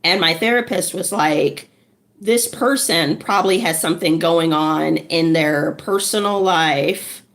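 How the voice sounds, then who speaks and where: A woman who is a social worker, chatting casually and laughing while strumming a ukulele. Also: fairly low pitch. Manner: chatty, laughing, unhurried storytelling.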